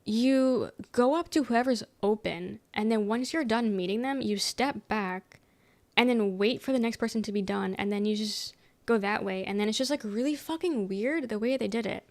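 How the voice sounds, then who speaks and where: Young woman, streamer, casual chat, rambling, lots of fillers, a bit high-pitched. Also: moderate pace. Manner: rambling storytelling with many fillers and quoted dialogue.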